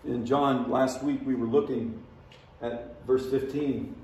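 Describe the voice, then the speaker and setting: A man's voice: mid-range voice, fairly even intonation, slow pace, a little mellow. A man, a pastor, preaching a sermon in a conversational style. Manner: conversational preaching with dramatic voiced quotes. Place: large church sanctuary. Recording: echoey church hall from far off.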